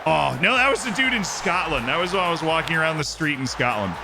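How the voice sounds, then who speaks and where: A man streaming a game live, commenting on the play and answering chat in a joking, animated way. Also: on the high side, fast, vocal fry, over music.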